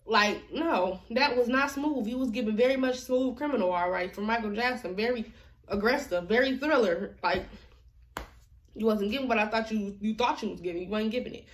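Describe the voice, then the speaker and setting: A woman's voice: fairly high pitch, a little hiss or hum. A woman vlogger telling a personal story in a casual, chatty, slangy way.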